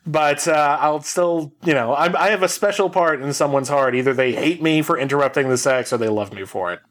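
A man's voice: a little high, fairly quick, a bit bright, slight background noise. A man co-hosting a podcast, telling a long comic story in a rambling, self-mocking way with many fillers. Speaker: podcast co-host. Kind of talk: casual storytelling.

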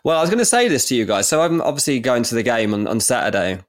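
A man's voice: medium pitch, fast, dry recording, studio quality. A man co-hosting a casual fan podcast, telling stories animatedly and acting out what people said. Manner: animated storyteller, acts out quoted lines. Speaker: podcast co-host.

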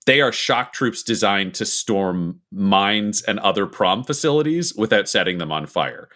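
A man running a tabletop game, laying out details in a long, explanatory flow. His tone is bright and forceful and his pitch sits a little low. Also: lively intonation, a little slow. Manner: detailed, explanatory lore talk. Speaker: game master.

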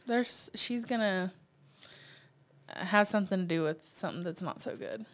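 A woman co-hosting a podcast, chatting casually about a book in a relaxed way. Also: medium pitch, normal speed. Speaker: podcast co-host.

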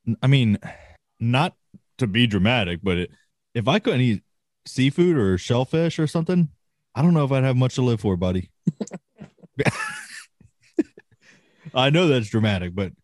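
A man's voice: mid-range voice, animated, measured pace, pauses often, darkish tone, no echo, studio quality. A man chatting casually on a podcast, swearing freely and laughing often. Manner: profane, laid-back, laughs often. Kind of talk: casual chat.

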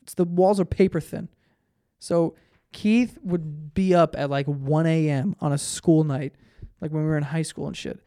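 A man's voice: fairly high pitch, steady tone, moderate pace, mellow, dry recording, studio quality. A tired young man hosting a solo podcast, telling stories in a rambling, profane, self-interrupting way. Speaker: podcast host. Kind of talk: solo casual podcast monologue.

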